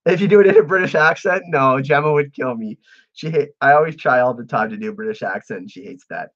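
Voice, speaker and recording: A man's voice: medium pitch, quick pace, a bit bright, muffled recording. A man hosting a casual livestream, chatting with viewers and reading out their messages, laughing often. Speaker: livestream host.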